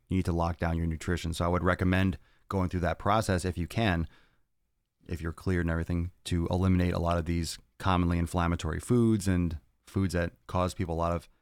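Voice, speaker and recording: A man's voice: sits low, no room sound, studio quality. A man hosting a fitness podcast, answering viewer questions in a blunt, profane, ranting way.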